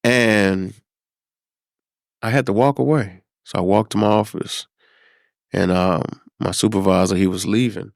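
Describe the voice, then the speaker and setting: A middle-aged man from South Dallas, a podcast guest telling a personal story in an unhurried, reflective way, with many pauses and fillers. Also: fairly low pitch, fairly even intonation, gravelly, dry recording, studio quality. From South Dallas, Texas. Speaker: podcast guest, former high school principal.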